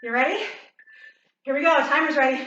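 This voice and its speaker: A woman's voice: high-pitched, fairly quick, bright, forceful tone, muffled recording, slight background noise. Woman, fitness instructor, out of breath, encouraging, far from the mic, echoey room. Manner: encouraging, cueing moves while exercising. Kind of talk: workout instruction.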